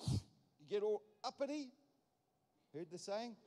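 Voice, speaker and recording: A man's voice: high voice, lively intonation, normal speed, darkish tone. A man pastor preaching a sermon, emphatic and repetitive, building points through wordplay. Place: church hall. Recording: long church hall reverb.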